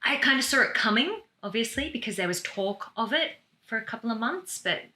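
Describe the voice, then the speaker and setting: A woman's voice: a little high, lively intonation, brisk, pushed and bright. A woman talking as a guest, earnestly and emotionally recounting a personal experience, often restarting her sentences. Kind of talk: casual conversation, personal account.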